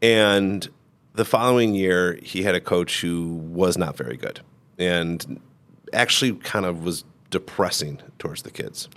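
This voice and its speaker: A man's voice: sits low, unhurried, a bit bright. A man hosting a podcast, telling stories in easygoing casual chat with his co-host. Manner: easygoing, storytelling.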